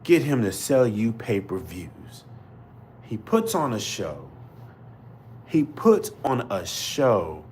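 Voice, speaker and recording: A man's voice: fairly low pitch, sing-song, takes it slowly, darkish tone, slight background noise. A man hosting a live boxing podcast chat, outraged and slangy, repeating his exclamations. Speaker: podcast host. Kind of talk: live fight commentary chat.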